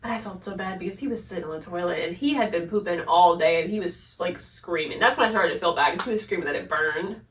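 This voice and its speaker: A woman's voice: fairly low pitch, fast talker, few pauses, distant mic. A young woman, a podcast co-host, chatting casually and giggling through her words. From Florida. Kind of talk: casual chat. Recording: echoey room, a bit off-mic.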